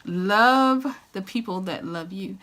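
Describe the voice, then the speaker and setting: A woman's voice: mid-range voice, slow pace, pushed and bright, a little hiss or hum. A middle-aged woman, chatting to camera in a home decor vlog, gushing and laughing often. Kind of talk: casual chat to camera.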